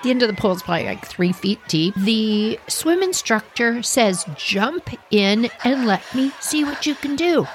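Female podcast host, dramatic storyteller, very expressive pitch, noisy recording. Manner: animated, dramatic retelling with asides to listeners. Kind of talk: personal storytelling.

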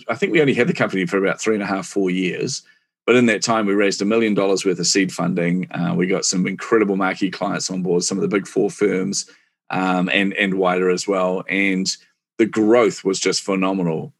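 New Zealand man in his forties, low voice, chatty interview guest who laughs easily. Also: a little fast, vocal fry. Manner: chatty, animated, laughs often. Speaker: guest, marketing executive. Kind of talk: casual storytelling interview.

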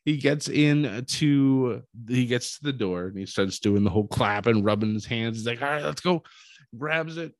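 A man recapping a wrestling show in a casual, animated storytelling way, acting out what people said. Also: mid-range voice, normal speed, few pauses, no room sound. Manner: animated storytelling, acts out quotes.

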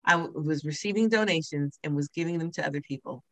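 A woman with a lowish voice and a bright, forceful edge tells her story as an interview guest. She talks casually and animatedly, slipping into the voices of people she quotes. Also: quick pace. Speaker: guest, breast cancer survivor; church minister.

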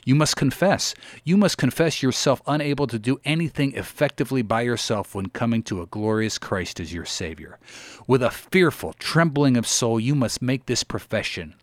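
A man delivers an old-style sermon in a solemn, measured cadence, rising into earnest pleas. His pitch sits in an ordinary middle register. The sound is dry and close, with no room around it. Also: animated, no room sound. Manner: earnest, measured preaching cadence with pleading exclamations. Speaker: reader of historical sermons.

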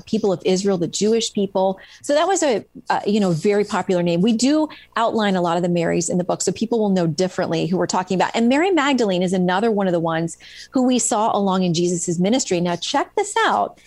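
A woman's voice: mid-range voice, expressive, fast talker, a little mellow, no echo. A woman author retelling stories from her book in a casual interview, with many ums and restarts. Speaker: author guest.

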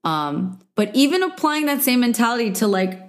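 A woman's voice: a little high, very animated, normal speed. A young woman hosting a solo podcast, talking candidly and emotionally in a rambling, confessional way full of "like" fillers. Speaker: podcast host.

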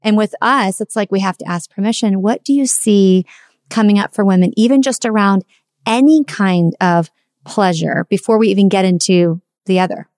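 A woman host at middle pitch asks an interview guest questions in a conversational, searching way. She restarts her phrases as she goes. The sound is dry and close to the mic. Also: normal speed, darkish tone, dry recording. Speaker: podcast host.

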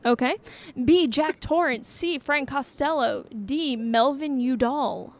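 A woman's voice: sits high, slow. A woman hosting a trivia quiz, reading out questions and answer choices with playful banter and frequent laughter. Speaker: trivia game host.

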